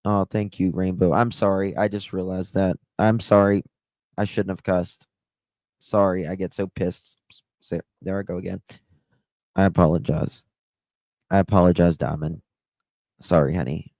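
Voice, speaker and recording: A livestream host with a low, somewhat mellow voice and fairly even intonation delivers emotional commentary, indignant and impassioned, drawing his words out slowly. He thanks his chat viewers by name, and the recording is dry.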